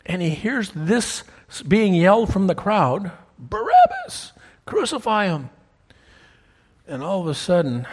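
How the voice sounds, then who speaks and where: Pastor, male, husky voice, storytelling sermon, keeps checking in with the congregation. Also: a little high, darkish tone. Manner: storytelling, checks in with listeners often. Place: church sanctuary. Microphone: wears a clip-on mic.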